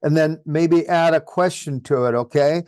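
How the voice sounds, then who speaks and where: A man's voice: fairly high pitch, normal speed, a little mellow, clear, resonant tone, no echo. Man coaching in a dry, close sound. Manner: coaching, reads sample texts aloud with punctuation. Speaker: real estate trainer. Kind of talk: online training session.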